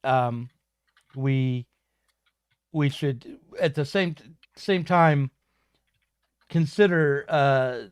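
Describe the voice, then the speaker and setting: A man's voice: mid-range voice, clean tone, no echo. Hesitant man, dry close sound. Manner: hesitant, halting, many restarts. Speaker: panelist. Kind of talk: casual political discussion.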